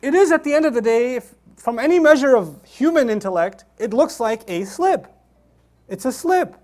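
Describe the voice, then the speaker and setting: Man giving a lively Quran commentary. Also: normal speed. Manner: animated, conversational, acts out quotes with rising pitch and laughter. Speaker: Islamic preacher.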